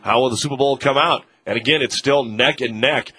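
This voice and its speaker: A man hosting a sports radio show, briskly reading plugs and chatting about games. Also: mid-range voice, pushed and bright, breathy edge. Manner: brisk, reads promos and plugs.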